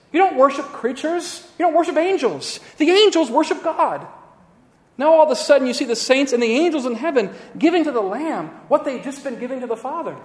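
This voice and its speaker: A man teaching a Bible lesson, reading passages aloud and putting questions to his listeners. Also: very high-pitched. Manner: reads scripture aloud and quizzes listeners. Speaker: teacher of scripture. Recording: long hall reverb.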